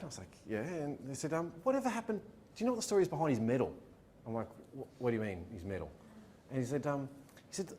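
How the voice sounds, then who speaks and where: A man giving a motivational talk, acting out the people in his stories. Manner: animated, acts out dialogue in his stories. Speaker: motivational speaker. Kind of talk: storytelling keynote talk. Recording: echoey room with faint rumble.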